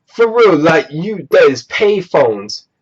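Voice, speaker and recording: A young man telling a storytime vlog, animated and exasperated, swearing freely, on a dull lo-fi recording. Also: fairly high pitch, slow pace, breathy edge. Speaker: vlogger.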